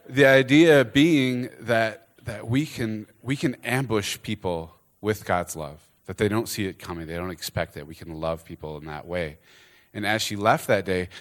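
A man with a fairly low voice preaches from the front, telling a story. He acts out each character's lines with animated energy, his pitch jumping up for the quoted exchanges. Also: normal speed. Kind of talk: storytelling sermon.

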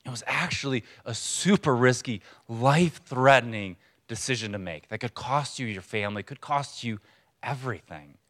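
A man preaching a sermon in a church to a congregation, in a conversational, earnest way with pauses for emphasis. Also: mid-range voice, fairly bright tone. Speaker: pastor.

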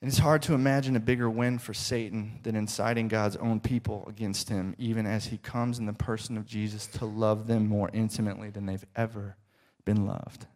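A male preacher telling a story in a dramatic sermon, often dropping to soft, hushed tones. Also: lowish voice, level tone, brisk, few pauses.

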